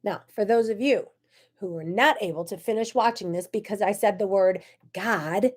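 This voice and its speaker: A woman hosting a faith talk show, preaching to camera in a fiery, candid way that swings between loud outbursts and hushed asides. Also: mid-range voice, normal speed. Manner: candid and self-deprecating.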